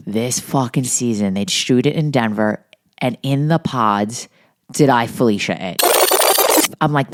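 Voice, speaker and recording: A middle-aged woman with an extremely low voice takes her time as she co-hosts a podcast. In casual chat she tells gossipy, profane stories with animated flair.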